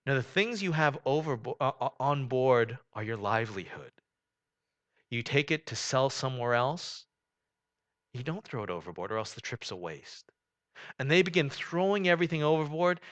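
Guy preaching a sermon, bright voice, chatty, gets loud then drops real quiet. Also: medium pitch. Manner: conversational preaching, rising and falling in volume, frequent "you know". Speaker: pastor.

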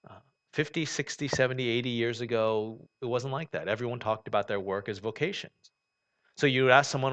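A man delivers a sermon in a relaxed, conversational way, like he's talking with the congregation. His voice sits at a middle pitch and moves between soft, low stretches and firmer, emphatic lines. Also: brisk. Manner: conversational preaching, swings from quiet to emphatic. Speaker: pastor.

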